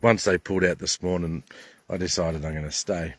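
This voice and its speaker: A man's voice: low voice, steady tone, brisk, no room sound. An older Australian man ranting to camera at a bush campsite, indignant and rambling, swearing heavily. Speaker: vlogger. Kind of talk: angry rant to camera.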